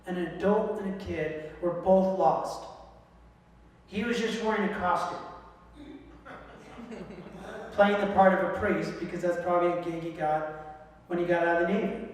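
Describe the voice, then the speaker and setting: A man delivers a sermon with lively humor, acting out the voices of people in his stories. His voice sits high, and he sounds far from the mic, with a long, roomy echo filling the church hall around him. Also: moderate pace, long pauses. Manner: animated, joking, acts out voices in quotes. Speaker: guest speaker.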